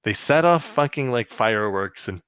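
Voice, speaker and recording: A podcast co-host at home on the US West Coast chats casually, joking, laughing often, swearing freely, and acting out quotes. His mid-range voice is animated and a bit bright and smooth, at normal speed. The recording is dry and muffled.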